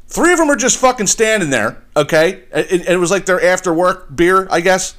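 A man's voice: high voice, expressive, normal speed, a bit bright. A man hosting a podcast, telling a story as a heated, profane rant that repeats itself as he talks. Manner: heated, swearing, repeats himself. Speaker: podcast host. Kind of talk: profane ranting monologue.

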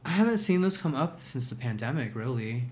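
A man's voice: mid-range voice, very animated, a little fast, darkish tone. A man guesting on a podcast, chatting casually with a teasing, sarcastic streak. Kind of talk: casual chat.

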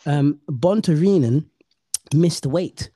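A man's voice: on the high side, takes it slowly, noisy background. A man hosting a casual podcast chat, bantering and swearing freely. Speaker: podcast host.

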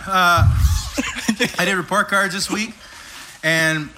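A man's voice: high-pitched, fairly even intonation, slow pace, noisy background. A man, a teacher, chatting dryly on a casual podcast with friends. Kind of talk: casual chat.

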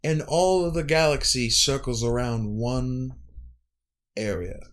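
A man voicing an aloof, weary female supercomputer oracle who speaks slowly and dryly. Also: mid-range voice, lively intonation, fairly bright tone. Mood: dry condescending. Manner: slow, dry, condescending delivery.

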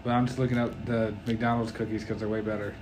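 A young man co-hosting a casual podcast, teasing his friend with quick reactions and jokes. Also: on the low side, level tone. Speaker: podcast co-host. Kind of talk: casual chat.

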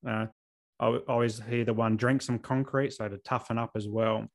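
Gravelly Australian man in his thirties. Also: on the low side, monotone. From South Australia. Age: 30s. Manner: earnest, open, halting restarts. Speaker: podcast host. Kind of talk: casual interview chat.

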